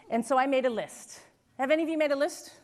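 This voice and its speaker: High-voiced woman giving an animated keynote. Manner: animated storytelling with laughs and audience questions. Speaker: motivational speaker. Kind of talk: keynote speech to a live audience. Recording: large hall with long reverb.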